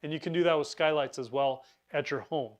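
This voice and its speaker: A man's voice: on the high side, brisk. A man giving a casual preparedness lesson, chatty, often stumbling over words and restarting his sentences. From Utah. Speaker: preparedness instructor. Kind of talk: informal teaching talk.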